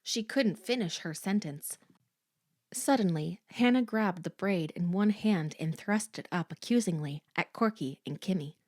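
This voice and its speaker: A woman narrating a horror audiobook in a slow, hushed, suspenseful manner. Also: fairly low pitch, no echo, studio quality.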